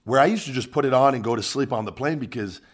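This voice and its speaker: A man hosting a podcast, telling an animated, profane story in casual chat. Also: mid-range voice, quick pace. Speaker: podcast host, former wrestler.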